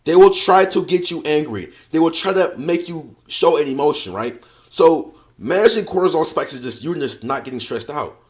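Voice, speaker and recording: A man's voice: a little high, lively intonation, moderate pace. Slangy, profane man coaching on dating. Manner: slangy, profane, emphatic street talk; repeats phrases and addresses listener as bro. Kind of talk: casual advice monologue.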